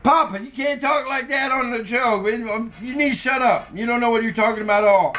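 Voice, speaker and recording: A man voicing an exasperated younger man who keeps scolding his grandfather to hush. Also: extremely high pitch, fairly quick, slight background noise, pitched above the performer's own voice. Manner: scolding, pleading.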